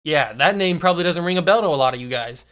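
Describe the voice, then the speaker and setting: A young man in his early twenties hosts a casual sports commentary monologue. He talks animatedly and teases his viewers, and he slows right down to lean on the words that matter. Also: on the high side, clean tone. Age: early 20s. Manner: animated, teasing, slows down to stress key words. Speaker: YouTube host.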